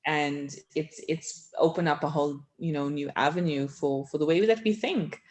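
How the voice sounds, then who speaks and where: A woman's voice: deep voice, moderate pace. A woman hosting a casual chat, agreeing often and speaking with many fillers. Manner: warm affirming, many fillers. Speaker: host.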